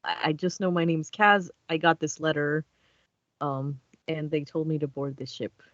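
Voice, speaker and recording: A woman's voice: low voice, fairly even intonation, normal speed, dry recording, natural voice. A woman playing a polite young man with amnesia, speaking in a hesitant, apologetic way. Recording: dull lo-fi dry sound.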